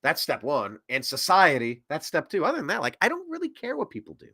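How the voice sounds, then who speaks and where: A man in his thirties hosts an opinion show in a bright, forceful voice that swings up and down. He rambles sarcastically and mocks the other side, pitched a little high for a man. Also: huge pitch swings, fairly quick, husky. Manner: rambling and sarcastic, with mocking put-on quotes. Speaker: host. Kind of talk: opinionated political commentary.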